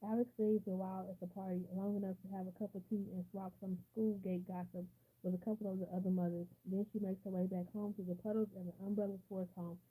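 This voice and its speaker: A woman reading a novel aloud in a steady storytelling manner. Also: mid-range voice, fast talker, husky, rough recording. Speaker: audiobook reader.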